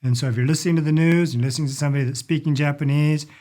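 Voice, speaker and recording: A middle-aged man giving a casual lesson on polite phrases, repeating each word slowly for learners. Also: a little high, fairly even intonation, a little mellow. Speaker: language and culture teacher. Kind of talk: casual instructional talk.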